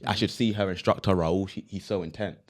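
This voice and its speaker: A man's voice: deep voice, a little fast. A young man, co-hosting a podcast and telling a comic story, acting out quotes and laughing often. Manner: animated, laughing, acts out quotes. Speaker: podcast co-host. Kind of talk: comedic storytelling.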